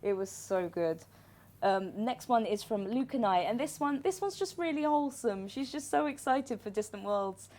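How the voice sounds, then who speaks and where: A woman's voice: a little high, lively intonation, normal speed, a little mellow. Giggly woman hosting a clip stream. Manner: giggly, gushing, laughs often. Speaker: stream host. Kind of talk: casual livestream chat reacting to clips.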